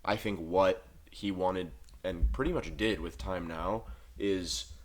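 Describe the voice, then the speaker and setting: A man hosting a podcast in casual chat, animated and swearing freely. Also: sits low, takes it slowly. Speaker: podcast host.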